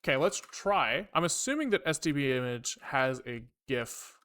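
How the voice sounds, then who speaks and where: A man's voice: mid-range voice, lively intonation, moderate pace, a bit bright. A man streaming live as he codes, thinking aloud in a rambling, profane way with wry asides to his chat. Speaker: programming livestreamer. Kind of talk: casual live coding talk.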